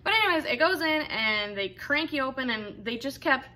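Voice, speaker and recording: Bright-voiced young woman telling a story. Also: high-pitched, animated, moderate pace. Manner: candid, rambling, many fillers and quoted asides. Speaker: vlogger telling her birth story. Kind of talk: casual personal storytelling.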